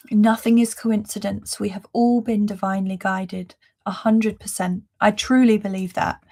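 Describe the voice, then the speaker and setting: A woman leads a live-streamed spiritual reading in a gentle, effusive voice that keeps returning to reassurance. She talks slowly and lets pauses settle, and her pitch sits in an easy middle range. Soft laughs slip in between her phrases. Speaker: spiritual reader and host.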